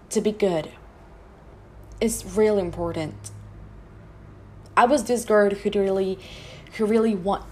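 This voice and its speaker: A woman hosting a podcast, talking earnestly and from the heart in a personal monologue, often halting and restarting her sentences. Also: medium pitch, a little mellow. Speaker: podcast host.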